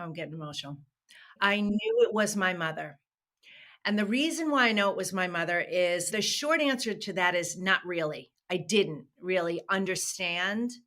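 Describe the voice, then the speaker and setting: A woman's voice: fairly low pitch, bright, forceful tone. Earnest woman telling her story. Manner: earnest and emphatic, with shifting pace. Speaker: podcast guest, reinvention coach. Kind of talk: personal storytelling interview.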